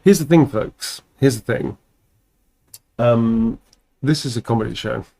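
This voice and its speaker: A man's voice: mid-range voice, unhurried, gravelly, dark tone. A man chatting casually on a livestream while signing autographs, playful and giggly, swearing freely.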